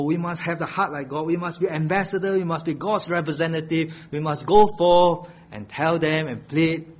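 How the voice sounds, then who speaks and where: A middle-aged male pastor preaching a sermon, earnest and pleading, repeating his key phrases. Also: fairly high pitch.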